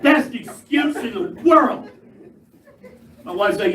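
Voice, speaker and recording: An older man performing a stand-up routine on stage, gruff and profane with punchy, jumpy delivery. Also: extremely high pitch, animated, slow pace, a bit bright. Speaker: stand-up comedian. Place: live comedy club stage. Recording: echoey live room, mic far, crowd noise. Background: audience laughter.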